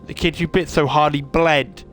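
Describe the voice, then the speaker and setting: A shrill, furious and snobbish mother berates her young son, her voice climbing high with indignation, as a man puts her on while reading a game aloud. Her higher pitch gives her an edge of outrage, and faint music sits behind her. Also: fairly even intonation, moderate pace, lightly acted. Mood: scolding. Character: furious snobbish middle-aged Parisian mother.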